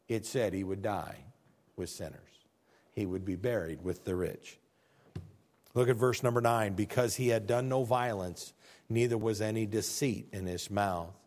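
A man preaching a sermon from scripture. He reads verses in old-fashioned wording, then rises into loud, emphatic stretches before sinking back to a quiet, low murmur.

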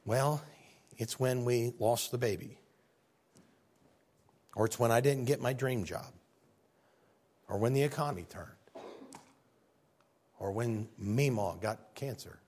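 A man preaching a sermon in church, telling stories with big swings from loud excitement to hushed earnestness. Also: medium pitch, slow, pauses often.

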